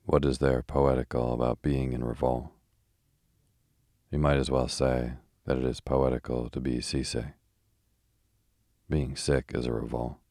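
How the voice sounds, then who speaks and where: A man's voice: a bass voice, flat delivery, unhurried, pauses often, no room sound, studio quality. A man reading the part of an argumentative young male poet with a grim, ironic manner. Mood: irritable. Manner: irritable, grim, then gently ironic.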